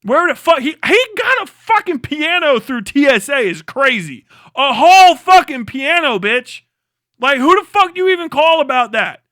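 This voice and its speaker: A male streamer riffing through a foul-mouthed, rambling comic rant. His voice sits very high and sounds bright and forceful. The recording is close and dry. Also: normal speed, dry recording. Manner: profane, rambling, animated. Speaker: live streamer. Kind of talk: comedic rant.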